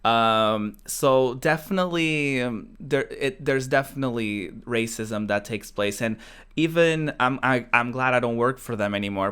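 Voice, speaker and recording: A man's voice: medium pitch, a bit bright, clean tone. A young man from Portugal hosting a casual chat show, talking in a rambling way with many fillers and restarts. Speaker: podcast host.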